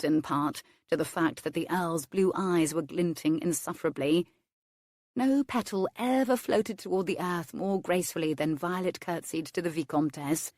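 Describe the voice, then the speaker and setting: Brief: woman audiobook narrator, low voice, dry close sound, wry and measured. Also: darkish tone, no echo. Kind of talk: scripted romance narration.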